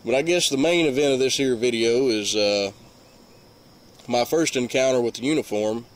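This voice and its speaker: A man's voice: medium pitch, moderate pace. A man with a Mississippi Southern accent telling a long story in a rambling, folksy way with lots of fillers. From Mississippi, USA. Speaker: vlogger. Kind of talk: casual storytelling.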